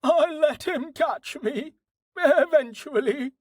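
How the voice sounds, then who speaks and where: A man voicing a clever, playful male horse in an audiobook, in a high, drawn-out, teasing voice. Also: no echo, clean studio sound.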